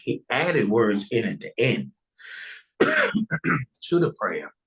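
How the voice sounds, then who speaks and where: Guy on a podcast telling his testimony, earnest, chatty, keeps restarting lines, normal mid pitch. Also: wildly swooping pitch, extremely slow, fairly bright tone, poor audio. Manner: earnest, conversational, with frequent restarts. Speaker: podcast guest. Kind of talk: personal testimony storytelling.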